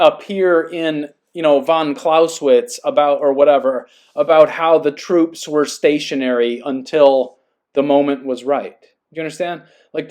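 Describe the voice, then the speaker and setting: Earnest musing man, fairly high voice. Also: darkish tone. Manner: earnest, musing, checks in with listener. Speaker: podcast host. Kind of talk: reading aloud and reflective monologue.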